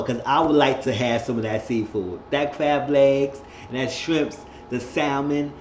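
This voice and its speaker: A man's voice: steady tone, a little slow, hardly any pauses. Chatty man recapping with roomy lo-fi sound. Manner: chatty, laughs often, acts out cast members in high squeals. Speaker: reality show recapper. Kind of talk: casual recap vlog. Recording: roomy, dull lo-fi sound with faint noise.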